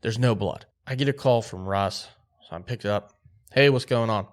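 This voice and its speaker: A man telling a hunting story on a podcast, animated and acting out quotes. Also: fairly low pitch, normal speed. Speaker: podcast host.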